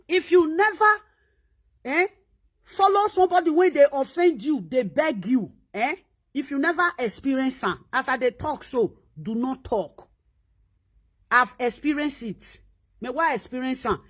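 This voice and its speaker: High-voiced Nigerian woman ranting. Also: measured pace. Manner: animated and scolding, repeats herself, rises sharply for emphasis. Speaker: social media commentator. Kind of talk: casual monologue in Pidgin.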